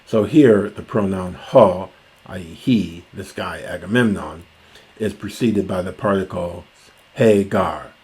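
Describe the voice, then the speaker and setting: A man reading ancient Greek lines aloud and explaining them word by word, with many pauses, fillers and self-corrections. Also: sits low, darkish tone. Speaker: classics lecturer.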